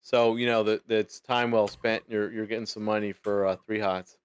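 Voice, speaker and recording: A man co-hosting a casual podcast chat, joking and now and then slipping into goofy squeaky bits. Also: little pitch movement, normal speed, smooth. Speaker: podcast co-host.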